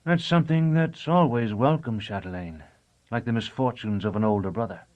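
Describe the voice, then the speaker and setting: A man's voice: medium pitch, brisk, voice pushed up, natural voice. A wry, dry-witted traveling companion, as a man voices him in this storybook reading. The recording is dull and lo-fi.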